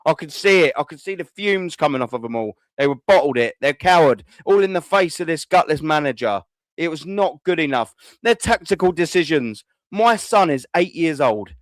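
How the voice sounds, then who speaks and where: A man's voice: on the high side, lively intonation, normal speed, no room sound. A man, hosting a fan call-in show and ranting furiously, swearing and repeating himself. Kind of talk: angry fan rant.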